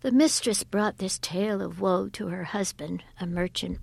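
A woman reading a folk tale aloud as a storyteller, expressive and often dropping to a breathy whisper. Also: mid-range voice, moderate pace, hardly any pauses, dry recording.

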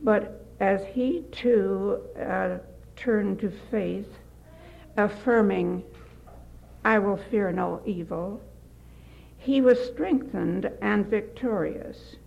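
An older retired woman giving a gentle devotional talk, telling stories with occasional slips and restarts. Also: mid-range voice, drawn-out words, gravelly, lo-fi sound. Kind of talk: folksy devotional talk with anecdotes.

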